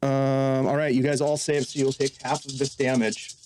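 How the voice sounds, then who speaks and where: A man narrating a tabletop game as game master in a casual, halting way, often restarting his sentences. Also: medium pitch, little pitch movement, darkish tone, a little hiss or hum.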